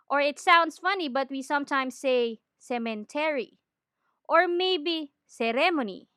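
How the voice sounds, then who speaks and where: A woman giving a scripted lesson on training, in a clear, deliberate teaching manner. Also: high-pitched, a bit bright, dry recording, clean studio sound. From Philippines. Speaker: accent trainer.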